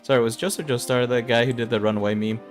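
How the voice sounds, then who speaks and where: A young man talks through an online game in a loose, rambling way, tossing out self-mocking jokes between quests. His voice sits at an ordinary middle pitch. Faint game music plays underneath. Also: fairly even intonation, quick pace. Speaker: streamer playing an online game. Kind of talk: casual gameplay commentary.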